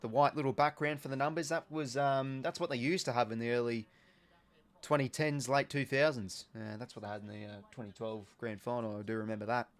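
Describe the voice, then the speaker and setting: A man's voice: medium pitch, steady tone, brisk. A young Australian man hosting a casual live watch-along, chatting through the game and reading out viewers' comments. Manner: chatty, reads out viewer comments, filler-heavy.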